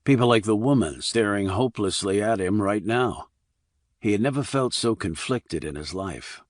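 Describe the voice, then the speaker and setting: Brief: male audiobook narrator, low-pitched, steady reading, dry studio sound. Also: normal speed, no room sound. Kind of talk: scripted thriller narration.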